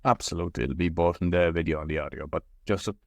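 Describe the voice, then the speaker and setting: A man's voice: deep voice, fast, no room sound. A man hosting a podcast, speaking in a friendly, encouraging way and praising his guest. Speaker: podcast host. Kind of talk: podcast interview chat.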